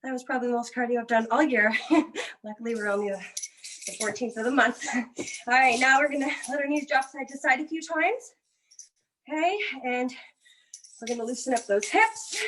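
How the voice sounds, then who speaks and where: High-pitched, upbeat Canadian woman coaching a workout. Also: a bit bright. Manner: upbeat, encouraging, counting down reps. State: out of breath. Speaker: fitness coach. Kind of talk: home workout class instruction.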